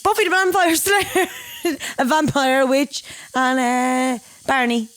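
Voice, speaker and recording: A young woman co-hosting a podcast, teasing and laughing as she runs a quick quiz. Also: sits high, fairly even intonation, a bit bright, dry recording. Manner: giggly, teasing quizmaster. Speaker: podcast co-host. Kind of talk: casual chat. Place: small room, in a dinosaur costume.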